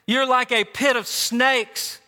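A preacher voicing a fiery scolding prophet, high and sharp. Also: male voice, steady tone, exaggerated voice. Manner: scolding, rapid-fire. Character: fiery male desert prophet scolding a crowd. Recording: long church reverb.

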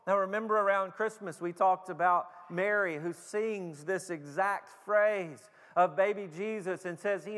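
Male pastor preaching, high-pitched, unhurried, emphatic with stumbling restarts; big hall reverb. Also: a bit bright. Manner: emphatic preaching with repeated stutters and slowed, stressed phrases. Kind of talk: sermon.

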